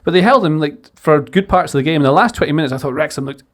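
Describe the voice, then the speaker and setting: A Scottish man talking football as a podcast pundit. His voice is a little high and he chats in an easygoing manner. His tone stays casual throughout. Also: animated, racing. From Scotland. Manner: easygoing, chatty. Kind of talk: casual chat.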